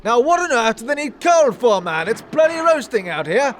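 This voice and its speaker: An actor with an upper-class English accent playing a pompous, blustering British army officer in a comedy sketch. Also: male voice, very high voice, big pitch swings, moderate pace, fairly bright tone, a little hiss or hum, full character voice.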